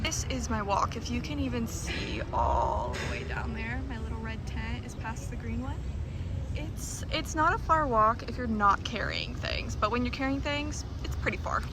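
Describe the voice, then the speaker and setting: A young woman, chatting excitedly and casually to camera, saying "like" a lot and swearing now and then. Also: a little high, moderate pace, background noise. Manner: excitable, swearing, lots of likes. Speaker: candle maker vlogger. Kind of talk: casual vlog chat. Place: outdoors at a market booth.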